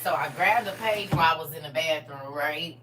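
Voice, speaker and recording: A woman hosting a live-streamed Bible study, tearful and emotional, chatting warmly and animatedly with her viewers and calling them baby and honey. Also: sits low, fairly quick, recorded from a distance, noisy background.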